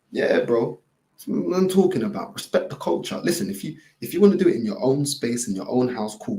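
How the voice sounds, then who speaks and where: A man's voice: mid-range voice, darkish tone. A man, ranting on a live stream in emphatic, repetitive street slang. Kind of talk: heated IRL stream rant.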